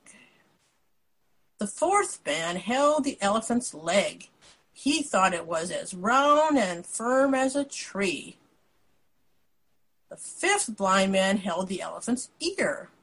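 A woman reading a picture book aloud in an expressive way, with casual asides to her listeners. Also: medium pitch, slow, pauses often, slightly rough, low-quality recording. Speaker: storyteller.

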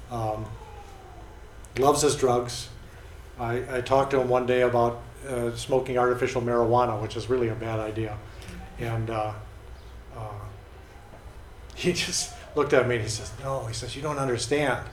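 A man casually telling stories about people he has met, with many fillers and restarts. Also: medium pitch. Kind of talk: casual storytelling. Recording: echoey room with faint noise.

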